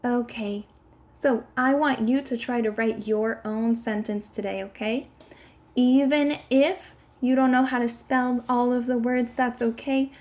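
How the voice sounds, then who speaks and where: In an unhurried, slightly mellow voice on the high side, a woman guides young children through a sight-word lesson. Her tone stays steady as she encourages them and spells out each word letter by letter, like a kindergarten teacher giving clear classroom instruction.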